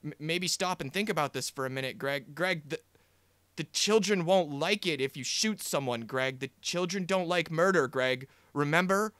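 A man's voice: on the high side, normal speed, fairly bright tone, dry recording, natural voice. A man voicing a spooky clown puppet that turns nervous and begs, repeating a name over and over. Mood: anxious pleading. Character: spooky clown puppet turned anxiously pleading.

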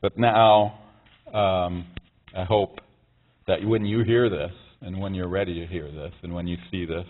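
A middle-aged man making a statement at a press conference, speaking haltingly with many pauses and restarts. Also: low-pitched, steady tone. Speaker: father making a public statement. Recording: tinny, phone-like sound.

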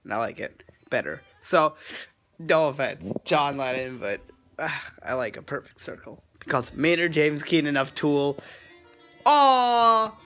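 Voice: mid-range voice, normal speed, a bit bright, soft background music. A vlogger talking in a casual, rambling way, often giggling at their own jokes. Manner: rambling, giggly, self-amused.

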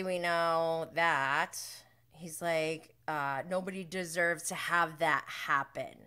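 Woman, podcast host, casual recap, rambling, laughs a lot, bright tone. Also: fairly low pitch, clear, resonant tone. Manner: chatty, rambling, laughs often, mimics people she quotes. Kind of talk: casual reality-show recap.

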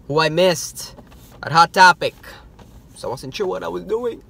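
A man, chatting casually as a collector vlogger, mumbling then bursting into loud exclamations. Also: high voice, expressive, normal speed, creaky. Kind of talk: casual chat. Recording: noisy background.

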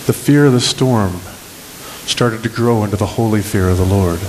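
A man preaching a sermon as pastor, animated and lively, acting out the scripture scenes as he goes. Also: fairly low pitch, normal speed, a little hiss or hum, low-quality recording.

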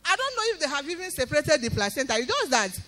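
A woman giving an emphatic spoken testimony in church, breaking into loud praise. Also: high-pitched, sing-song, fast.

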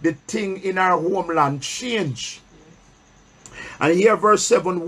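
A bishop preaches in a high voice at an unhurried, deliberate pace. He keeps pulling the congregation into call-and-response and leans hard on each line of scripture he reads. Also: a bit bright, husky. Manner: reads scripture slowly and emphatically. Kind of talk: preaching sermon.

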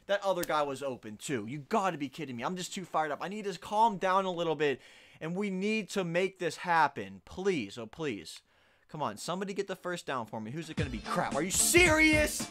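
A man's voice: fairly high pitch, animated, quick pace, soft background music. Young man raging over a video game. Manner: swings from pleading murmurs to furious yelling. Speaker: gaming YouTuber. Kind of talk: raging gameplay commentary. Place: home room. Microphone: desk microphone.

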